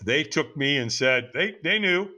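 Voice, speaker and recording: Bright-voiced man in his 60s telling his story. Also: fairly high pitch, animated, a little slow. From United States. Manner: frank and blunt, with casual swearing. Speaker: podcast guest. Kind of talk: candid personal storytelling.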